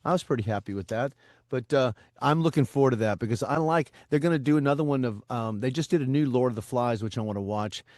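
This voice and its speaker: A man co-hosting a podcast, telling stories in an animated way and acting out voices in casual chat. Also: medium pitch, quick pace, dry recording, clean studio sound. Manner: animated storyteller who acts out voices. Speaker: podcast co-host.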